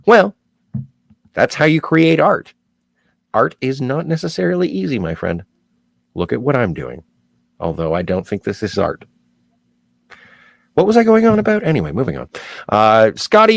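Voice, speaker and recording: Reading his viewers' chat out loud with joking, playful asides, this Southern Ontario man runs a casual livestream. He has a gravelly, medium-pitched voice, and there's no echo.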